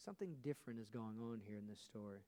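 A man preaching a sermon, telling a story with animated acted-out dialogue and self-deprecating humor. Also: fairly low pitch, quick pace. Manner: animated storytelling, acts out the disciples' lines. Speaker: pastor. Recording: long hall reverb.

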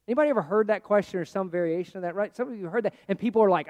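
A man preaching a sermon in a conversational way, swinging between loud, pressing lines and hushed, quiet ones. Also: sits high, very fast, big-room sound. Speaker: pastor.

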